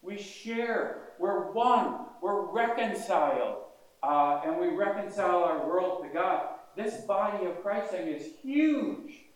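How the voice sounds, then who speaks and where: Older male priest, fairly high voice, folksy sermon, big echoing church, mic at a distance. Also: expressive, takes it slowly. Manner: conversational preaching with questions to the congregation. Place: large church. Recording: echoey church heard from a distance.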